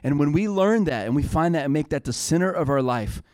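A man's voice: on the high side, expressive, fairly quick, a little mellow, no room sound, studio quality. A man in his thirties preaching a sermon, earnest and conversational, building to fervent passages. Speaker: pastor.

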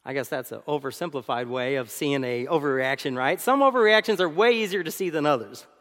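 A man preaching a sermon as co-pastor, animated, acting out arguments and laughing often. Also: fairly high pitch, brisk, in a large hall.

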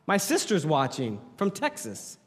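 His voice sits a little high and rises and falls in huge pitch swings as he preaches unhurriedly. Holding a handheld mic, the pastor jokes with his congregation, and the church hall lends the audio a reverberant sound.

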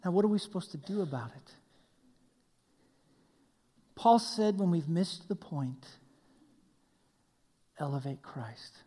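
A man preaching a sermon as a pastor. He tells stories with animation and swings between loud passages and hushed ones. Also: high-pitched, animated, measured pace, long pauses. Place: church hall. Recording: long hall reverb.

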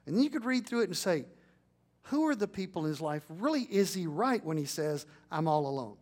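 A man's voice: high-pitched, very animated, a little fast, darkish tone. A man preaching a sermon as pastor, building to emphatic peaks and leading the congregation in call-and-response.

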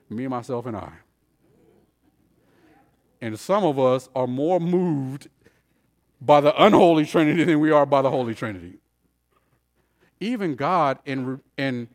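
Gravelly, emphatic male preacher. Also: medium pitch. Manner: emphatic, repetitive rhetorical questions, swings between loud and hushed. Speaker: pastor. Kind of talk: sermon.

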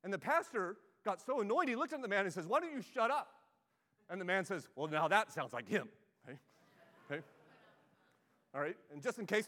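Speaking in a church sanctuary with a long reverb, a male pastor preaches conversationally in a voice that's high for a man and a bit bright. He frequently repeats words and checks in with his listeners.

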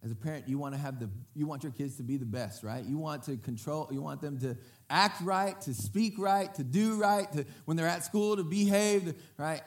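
Lively preacher man, slightly high voice. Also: normal speed, few pauses. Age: adult parent. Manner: lively, often breaks into acted quotes; asks the crowd to repeat words. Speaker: pastor. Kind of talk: sermon.

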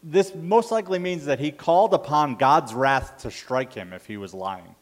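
A man's voice: fairly high pitch, expressive, moderate pace. Guy giving a sermon, chatty, keeps correcting himself, um and uh. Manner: conversational, self-correcting with fillers. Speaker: pastor.

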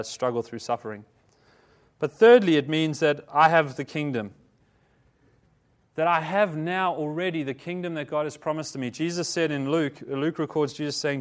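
Man, pastor, sermon, slightly high-pitched, conversational, questions to congregation, self-correcting. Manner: self-correcting, repeats words.

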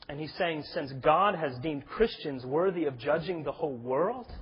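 Husky guy preaching, earnest, gets emphatic, kinda higher voice, dull lo-fi sound. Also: animated, normal speed, few pauses. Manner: earnest, rising to emphatic stress. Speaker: pastor. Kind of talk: expository sermon.

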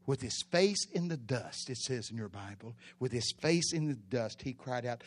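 A man preaching a sermon, telling the story dramatically with sudden shouted peaks. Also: mid-range voice, expressive, normal speed, few pauses, no echo.

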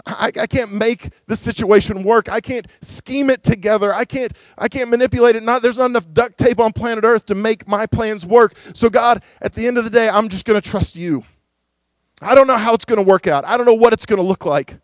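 Male pastor, higher voice, earnest sermon delivery, dry close recording. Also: a little fast, dry recording. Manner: earnest, preacherly, drops to a hushed voice on scripture.

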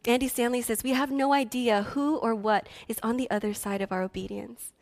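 A woman's voice: fairly high pitch, steady tone, a little fast, few pauses. Earnest woman preaching a sermon. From Philippines heritage. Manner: earnest storytelling, rising to impassioned preaching. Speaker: pastor.

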